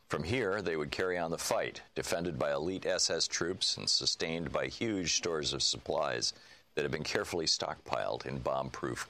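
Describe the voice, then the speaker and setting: Deep, bright-toned male radio host. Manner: steady, measured reading aloud. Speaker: radio talk show host. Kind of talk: radio talk and book reading.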